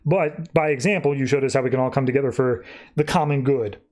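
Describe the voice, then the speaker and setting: A man hosting a podcast, casually recapping a comic story and jumping into quick, animated character voices as he retells it. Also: medium pitch.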